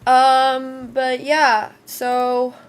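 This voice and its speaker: A woman's voice: high voice, monotone, drawn-out words, clear, resonant tone. A woman streamer chatting casually to her viewers, a bit congested with a slightly shaky voice, rambling and thanking people as she goes. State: congested, voice shaking. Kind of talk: casual live-stream chat.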